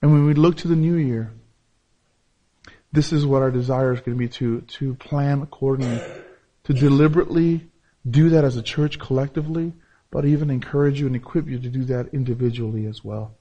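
Delivering a sermon at a brisk pace, this pastor leans on repeated key phrases and moves from loud, forceful highs to quiet, soft stretches. The recording sounds lo-fi.

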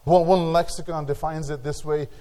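A male pastor preaching a sermon, building to emphatic peaks and dropping to quiet, drawn-out words. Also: on the high side, flat delivery.

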